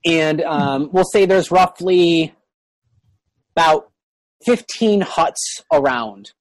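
A game master describing a fantasy scene for players, full of pauses and restarts. The sound is dry and close. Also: medium pitch, no room sound. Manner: hesitant, many fillers and restarts. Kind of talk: narrating a tabletop game.

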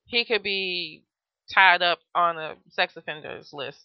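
A woman's voice: lowish voice, unhurried, smooth. Frank woman podcast co-host. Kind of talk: casual chat. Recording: muffled lo-fi audio.

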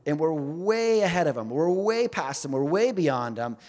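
Man, pastor, sermon, conversational and humorous, fairly high voice, long church reverb. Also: sing-song, moderate pace, a little mellow. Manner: conversational, humorous, asks the congregation questions. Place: church hall with congregation.

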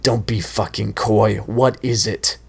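A man voicing a gruff, hot-tempered male karate sensei who barks orders and swears in a storybook reading. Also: fairly low pitch, steady tone, slow, exaggerated voice. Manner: barking, profane, growling.

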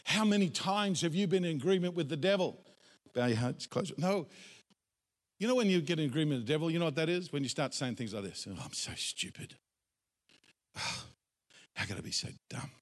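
Animated pastor, high voice. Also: male voice. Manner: animated, dramatic, acts out voices of doubters. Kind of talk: sermon. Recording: echoey hall, long reverb.

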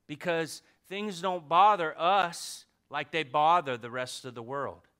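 A man preaching a sermon as pastor in a church, passionate and joking with the congregation, swinging from loud outbursts to hushed asides. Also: on the high side, a little slow, clear, resonant tone. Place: church sanctuary.

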